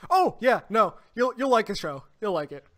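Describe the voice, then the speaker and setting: A young man co-hosting a casual anime review podcast, rambling and excitable, often trailing off mid-thought. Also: high-pitched, normal speed. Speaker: podcast co-host. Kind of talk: casual chat. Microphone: desk microphone.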